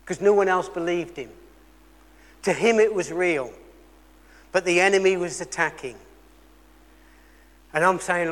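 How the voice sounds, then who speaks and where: High male preacher, earnest sermon storyteller, swings between loud and hushed, long church reverb. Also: normal speed, long pauses. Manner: earnest storytelling, shifting between loud emphasis and quiet intensity.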